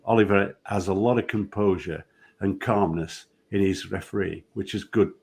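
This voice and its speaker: A man's voice: sits low, normal speed, vocal fry, breathy edge. An older man, a former referee, telling anecdotes and acting out the people in them. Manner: lively storyteller, acts out quotes. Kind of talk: anecdotal storytelling.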